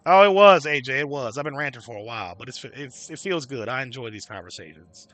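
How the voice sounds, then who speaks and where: A man's voice: medium pitch, lively intonation, a little fast, a bit bright, no room sound. A man hosting a casual livestream, ranting and chatting with viewers by name, cursing freely. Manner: swearing freely. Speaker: livestream host.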